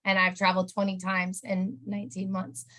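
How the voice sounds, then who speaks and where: A woman's voice: mid-range voice, monotone, a little fast, pushed and bright. A woman telling her own story in an interview, casual and rambling, emotional and full of "like". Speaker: interview guest, sales promoter.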